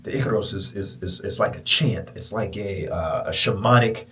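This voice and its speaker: A man hosting a podcast who tells a personal story to his listeners. He swings from loud, emphatic bursts to near-whispers and repeats phrases for emphasis. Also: lowish voice, normal speed, far from the mic. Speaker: podcast host.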